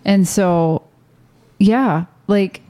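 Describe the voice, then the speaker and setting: A woman's voice: medium pitch, extremely slow, warm tone. A middle-aged woman co-hosting a podcast, earnestly affirming and filling in a shared personal story. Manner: earnest, affirming, fills in her husband's story. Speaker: podcast co-host. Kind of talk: casual storytelling chat.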